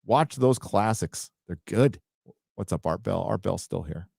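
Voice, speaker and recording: A middle-aged man hosting a casual late-night livestream, rambling, swearing and excitedly reading viewer donations aloud. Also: deep voice, a little slow, gravelly, breathy edge, no echo, clean studio sound. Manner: rambling, profane, excitable, reads donor messages aloud. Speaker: livestream host reading super chats.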